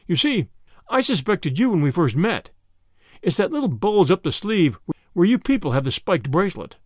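A man's voice: high-pitched, sing-song, moderate pace, dry recording, clean studio sound. A man voicing a small, mild male priest in an audiobook of a classic story, speaking in a vague, apologetic way.

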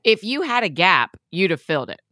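A woman co-hosting a podcast in casual chat, chatty, with quick asides and frequent laughs. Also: lowish voice, sing-song, sharp tone, no echo, studio quality. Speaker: podcast co-host.

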